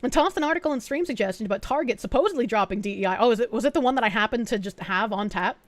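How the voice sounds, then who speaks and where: A woman streamer in casual chat, reading out viewer messages and thanking donors, swearing often and getting excited. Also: fairly high pitch, rapid-fire, no room sound.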